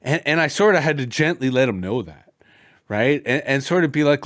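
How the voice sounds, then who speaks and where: A man from Canada with a Canadian accent, hosting a podcast interview in an animated, hammy way with stammered restarts. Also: mid-range voice, brisk. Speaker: podcast host.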